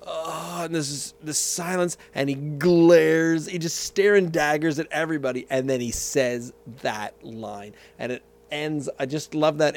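A man's voice: on the high side, moderate pace. A man vlogging casually, telling a rambling story and tasting a beer, often correcting himself and going off on tangents.

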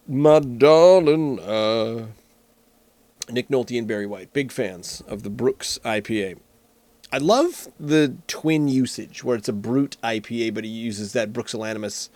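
A man's voice: medium pitch, moderate pace. A man casually reviewing beer alone, rambling and joking with frequent restarts. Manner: rambling, self-correcting, jokey. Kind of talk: casual solo talk.

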